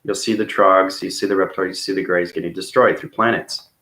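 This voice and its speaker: A man's voice: deep voice, steady tone, brisk, fairly bright tone. A man vlogging in a rambling, intense monologue, often checking in with his viewers by asking "okay?" and "right?". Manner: intense and earnest. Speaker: spiritual vlogger.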